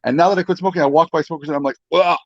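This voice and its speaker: Brief: male guest, slightly higher voice, excitable swearing storyteller, dull remote-call sound. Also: racing. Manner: animated storyteller, swears, exaggerates. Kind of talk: casual livestream chat.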